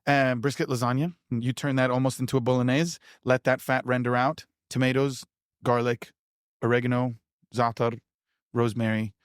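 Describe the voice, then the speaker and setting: A man's voice: medium pitch, flat delivery, normal speed, clear, resonant tone, no room sound, clean studio sound. Enthusiastic man chatting with fillers. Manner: enthusiastic, rambling, with many fillers and restarts. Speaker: pitmaster and producer. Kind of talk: casual conversational interview.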